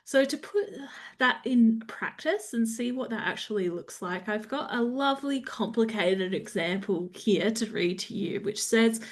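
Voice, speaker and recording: An Australian woman presenting a webinar talk, explaining steadily with frequent pauses and small touches of humour. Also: a little high, expressive. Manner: explanatory, lightly humorous, with frequent "um".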